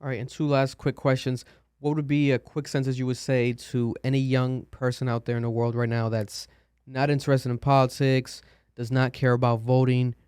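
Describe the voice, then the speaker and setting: Casual male podcast host, smooth voice. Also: mid-range voice, level tone, normal speed, darkish tone, no echo, clean studio sound. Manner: casual, loose, filler-heavy. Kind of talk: interview questions and sign-off.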